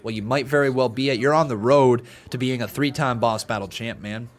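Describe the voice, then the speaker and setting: A man's voice: medium pitch, fairly quick. A man hosting a casual live stream, reading out donations and chatting with viewers, laughing at his own jokes. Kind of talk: casual watch-along chat with live chat.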